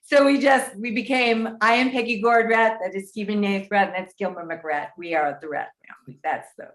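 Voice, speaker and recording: A woman, an original cast member, telling a lively story on a video call and acting out the quotes. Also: medium pitch, moderate pace, roomy sound. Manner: lively anecdote teller, acts out quotes.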